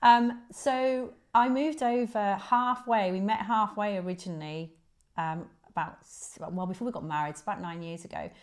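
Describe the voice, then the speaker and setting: This guest is a Mancunian woman in her forties whose Northern English accent comes through as she chats casually, full of ums and putting herself down. Her voice is medium-pitched with fairly even intonation and a moderate pace.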